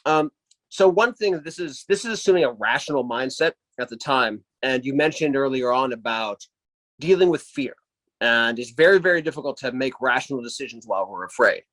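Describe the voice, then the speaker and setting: A man hosting an interview, asking his guest questions in a measured, careful way. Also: mid-range voice, expressive, a bit bright, poor audio. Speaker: podcast host.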